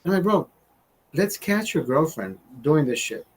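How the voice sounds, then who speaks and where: A young man hosting a livestream, telling a rambling, profane story in a casual, animated way. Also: on the high side, a little slow, slightly rough. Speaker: livestream host.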